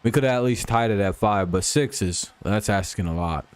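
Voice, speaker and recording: A man hosting a casual live stream, chatting with viewers and calling pitches as he watches a ballgame. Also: normal speed. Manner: chatty, replies to chat while calling pitches.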